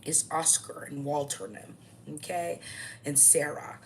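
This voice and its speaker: A woman's voice: sits low, measured pace, slight background noise. A young adult woman ranting to camera in a blunt, mocking, profane way, often tagging her points with "okay?". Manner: repeats "okay?" as a tag. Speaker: vlogger.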